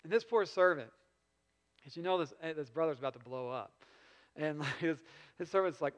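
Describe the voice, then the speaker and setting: A man preaching a sermon, retelling a story with lively swings between loud passages and quiet asides. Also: a little high, moderate pace, long pauses. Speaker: pastor. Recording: long reverb in a large hall.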